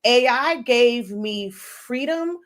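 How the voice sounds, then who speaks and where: A woman in her thirties, an online design instructor, giving a casual, chatty lesson, talking fast with laughs between phrases. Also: on the high side, expressive. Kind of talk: casual teaching talk.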